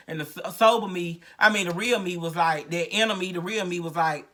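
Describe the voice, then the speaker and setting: Talking fairly quickly and barely pausing, a woman with a low, fairly bright voice hosts her podcast. She candidly rambles through her personal recovery story, restarting many times, without a proper podcast microphone.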